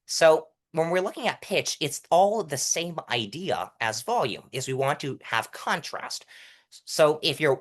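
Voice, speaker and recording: Stuffy-nosed young man explaining speaking. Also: expressive. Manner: demonstrative, shifts loudness and pitch to illustrate; self-admitted fast talker. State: stuffy nose. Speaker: interview guest, mock trial coach. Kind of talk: explaining public speaking technique.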